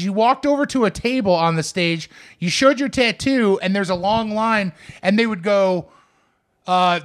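A man's voice: high-pitched, fairly bright tone. A man co-hosting a casual podcast, telling a long rambling story full of "like" and acted-out quotes. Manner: rambling, many "like" fillers, acts out quotes. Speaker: podcast co-host.

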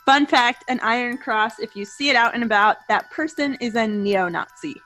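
A woman chatting on a podcast, friendly and quick, joking at her own expense. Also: on the high side, bright, forceful tone, soft background music. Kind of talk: casual chat.

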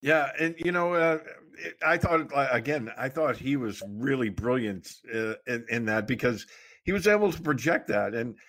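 A man hosting an interview, asking questions in a halting way with many fillers. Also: medium pitch, fairly bright tone. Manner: halting, lots of fillers and restarts. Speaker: interview host.

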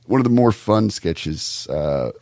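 A man co-hosting a podcast, talking things over in a thoughtful, halting way with many restarts. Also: sits low, animated, a little mellow, no echo, studio quality. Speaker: podcast co-host. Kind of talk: casual podcast discussion.

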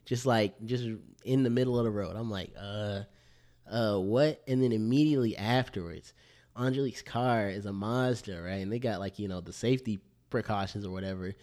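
Male podcast co-host, lowish voice, slangy storyteller. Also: normal speed. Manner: slangy, animated storyteller, repeats "bro". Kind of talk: casual storytelling chat.

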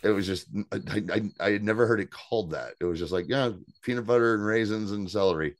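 A man co-hosts a podcast and recaps an episode in casual, animated chat, swearing freely and jumping up in pitch to act out quotes. His voice sits on the low side and is recorded close and dry, with no room sound. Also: quick pace, no echo. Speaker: podcast co-host.

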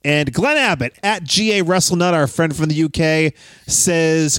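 A man hosting a podcast, chatting freely and reading listener messages aloud. His voice sits a little high, and the close mic sounds dry and dead, with no room around him. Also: unhurried, fairly bright tone, clear, resonant tone, no echo. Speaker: podcast host. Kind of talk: casual podcast chat.

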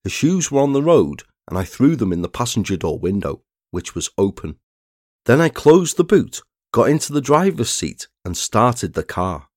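A man, narrating a true crime story in a measured scripted read. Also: medium pitch, no echo, studio quality. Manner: measured, reads statements aloud plainly.

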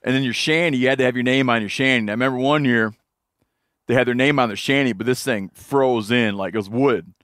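A man's voice: medium pitch, fast talker, a bit bright, smooth, no echo, clean studio sound. A man hosting a podcast, telling rambling fishing stories and laughing along in casual chat. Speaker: podcast host.

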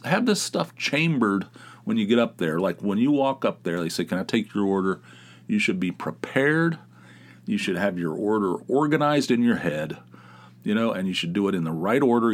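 Middle-aged male podcast host, low voice, rambling and self-deprecating, casual solo chat. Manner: rambling, self-mocking storyteller who gets fired up.

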